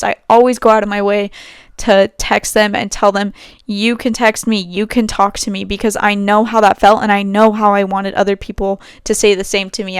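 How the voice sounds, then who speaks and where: A young woman hosts a podcast from home and talks through a candid, rambling monologue. Her voice is smooth and clear, recorded dry and close, with no room sound around it. She leans on fillers and laughs easily as she goes. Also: mid-range voice, dry recording. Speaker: podcast host. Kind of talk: casual monologue.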